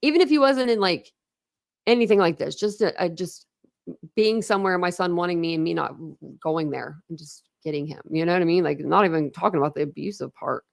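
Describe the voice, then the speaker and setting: A woman's voice: lowish voice, brisk, gravelly, no echo, studio quality. A woman hosting a true crime live stream, reading court documents aloud and stopping to react in a rambling, openly upset way. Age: adult with a young son. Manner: conversational, full of "like" and restarts, openly upset. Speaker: true crime channel host.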